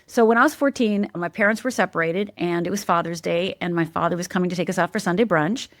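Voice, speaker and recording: A woman's voice: on the low side, fast talker, no room sound, studio quality. A middle-aged woman, a life coach and podcast guest, telling a personal story candidly and emphatically, often checking in with "right?".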